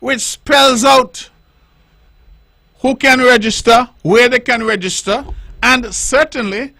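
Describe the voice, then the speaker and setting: Emphatic middle-aged radio host. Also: male voice, extremely high pitch, vocal fry, pushed and bright, dry recording. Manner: emphatic, deliberate, explains point by point and repeats for stress. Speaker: politician hosting a radio call-in show. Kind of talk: radio talk monologue. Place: radio studio.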